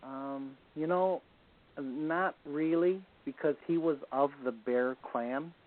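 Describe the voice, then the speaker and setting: A man's voice: fairly high pitch, slow pace. A man, a guest on a show, telling anecdotes in a casual way and chuckling now and then. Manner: chuckles while telling stories. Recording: tinny phone-like line.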